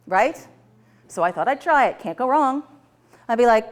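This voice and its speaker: A woman teaching a tapping workshop, telling client stories to a live class, laughing often and acting out the dialogue in lively voices. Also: fairly high pitch, moderate pace, long pauses.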